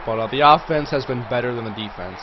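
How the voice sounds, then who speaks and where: A man hosting a livestream, chatting casually through live gameplay commentary and reacting loudly to big plays. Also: medium pitch, animated, quick pace, muffled recording, very noisy. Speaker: livestream host.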